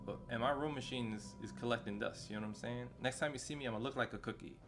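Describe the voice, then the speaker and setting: A man streaming gameplay talks fast in a mid-range voice, chatting casually and rambling. He leans on fillers and casual slang, and faint music plays behind him.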